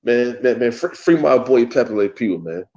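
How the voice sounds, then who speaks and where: A man's voice: medium pitch, animated, moderate pace, a little mellow, highs cut off. A young man hosting his own show, chatting loosely and rambling in slangy talk with lots of swearing and frequent laughs. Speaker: show host. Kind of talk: casual solo talk.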